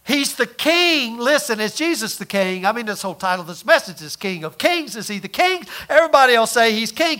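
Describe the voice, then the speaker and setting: A male preacher with a very high, bright voice delivers a sermon folksily, stumbling over repeated words and firing off rhetorical questions. He is very animated, a little fast, and hardly pauses, with volume swinging from loud declarations to near-murmurs.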